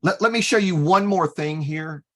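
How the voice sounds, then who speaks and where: A man leading an online workshop, explaining software step by step and often pausing with "okay" to restart. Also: a little high. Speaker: workshop facilitator teaching LaTeX. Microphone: video call.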